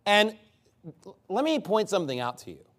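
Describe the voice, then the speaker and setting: A man preaching an expository sermon, animated and mocking, reading scripture aloud and breaking into impressions. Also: high voice, moderate pace.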